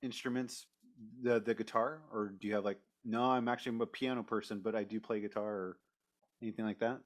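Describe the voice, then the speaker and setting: A man's voice: lowish voice, fairly even intonation, brisk. A man hosting a podcast, asking questions in a laid-back, casual way and laughing often. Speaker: podcast host. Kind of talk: casual interview chat.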